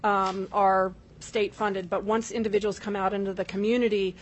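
A woman official giving formal testimony at a legislative hearing, measured and full of filler ums, addressing the chair. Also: mid-range voice, level tone, slight background noise. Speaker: state corrections official testifying.

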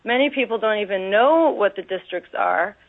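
A woman giving earnest, careful public testimony at a legislative hearing, pausing often with ums. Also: medium pitch, animated. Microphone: telephone. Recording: tinny phone line.

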